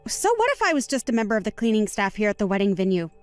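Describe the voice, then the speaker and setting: A woman voicing a calm, composed young woman wronged at a wedding, speaking in a measured, firm way in a voiced story drama. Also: medium pitch, faint music behind, lightly acted.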